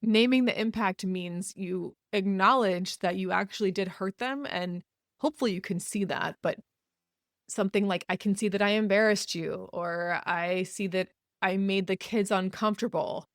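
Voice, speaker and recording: Woman podcast host, frank and chatty, laughs a lot, mid pitch, dry close mic. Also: moderate pace, no echo. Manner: frank, laughs often, acts out example apologies. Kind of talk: casual advice monologue.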